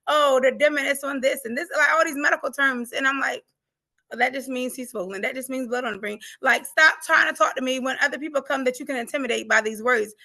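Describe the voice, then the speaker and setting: A woman's voice: sits high, vocal fry, bright, forceful tone. A middle-aged woman, a grief coach, passionately telling her story of faith with acted-out quotes. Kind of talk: emotional personal testimony.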